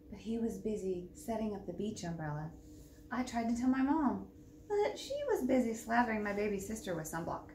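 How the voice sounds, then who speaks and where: A woman librarian reads a picture book aloud for children, lively and expressive in her delivery. Her voice sits a bit high, and the library room gives it an echo, caught from a distance with a faint hum behind. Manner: lively, expressive storybook narration. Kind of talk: children's storytime read-aloud.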